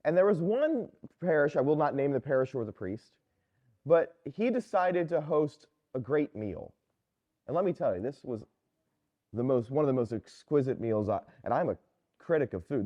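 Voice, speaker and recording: Animated male priest preaching. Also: medium pitch, dull audio. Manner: conversational storytelling, animated. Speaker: Catholic priest. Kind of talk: sermon.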